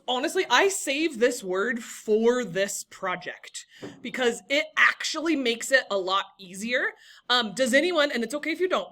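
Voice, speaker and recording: A woman's voice: a little high, fairly bright tone. A young woman teaching a classroom lesson, encouraging and talking to students by name.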